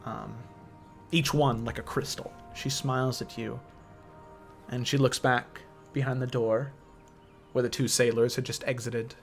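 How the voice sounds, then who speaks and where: A man narrates a tabletop game as game master, painting scenes unhurriedly and pausing on frequent fillers. His voice sits at a middle pitch. Faint music plays underneath. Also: little pitch movement, creaky. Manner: descriptive, unhurried, many fillers.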